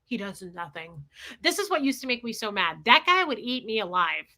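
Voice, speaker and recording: Brief: candid, blunt woman streamer, bright and a little high. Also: sing-song, moderate pace. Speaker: livestream host. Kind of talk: casual storytelling livestream.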